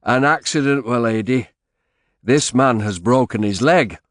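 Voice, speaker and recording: A man voicing an old gentleman over sixty, shaky and courteous, in an audiobook. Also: mid-range voice, measured pace, dry recording, studio quality, pitched above the performer's own voice, natural voice.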